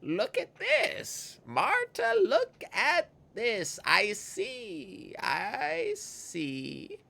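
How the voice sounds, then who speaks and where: A man doing a creepy old woman surgeon who croons to herself in a high, lilting sing-song, her voice swooping all over the place. She mumbles and repeats herself, bright and strange, as in a video game. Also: wildly swooping pitch, drawn-out words, vocal fry, full character voice. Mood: crooning, eerie. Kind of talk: reading game dialogue aloud.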